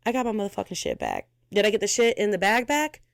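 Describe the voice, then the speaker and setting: A young woman hosting her own podcast delivers a candid monologue that is blunt, fiery, emphatic, and heavily profane, and she sounds close to tears. Her mid-range voice swings hugely in pitch, moves quickly, and has vocal fry, recorded dry with clean studio sound.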